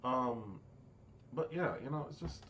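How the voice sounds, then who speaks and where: A man's voice: mid-range voice, animated, a little slow, a bit bright, slight background noise. An American man venting in a casual, profane political rant to camera, rambling and repeating himself. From United States. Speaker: vlogger.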